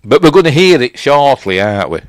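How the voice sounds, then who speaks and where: A man's voice: medium pitch, big pitch swings, brisk, no room sound, clean studio sound. A middle-aged man with a Yorkshire accent, rambling through a casual film commentary, correcting himself and chuckling between fillers. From Yorkshire, England. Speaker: film reviewer, host.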